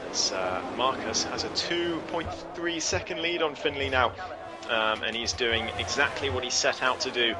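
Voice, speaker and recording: A man commentating a sim race live, easygoing with lots of fillers, climbing in pitch when the action heats up. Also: normal speed, loud music behind the voice. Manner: relaxed, many fillers, rises sharply when action heats up.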